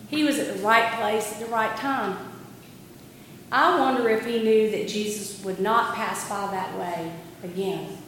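A woman preaching a sermon, retelling a story slowly and deliberately with dramatic emphasis. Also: mid-range voice, fairly bright tone, a little hiss or hum. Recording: echoey hall, long reverb, faint ambience.

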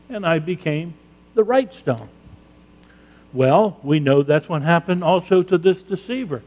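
Husky male preacher in a reverberant hall. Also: fairly high pitch, a little mellow. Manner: emphatic, with rhetorical questions and dramatized quotes. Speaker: pastor. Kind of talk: sermon. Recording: long reverb of a large hall.

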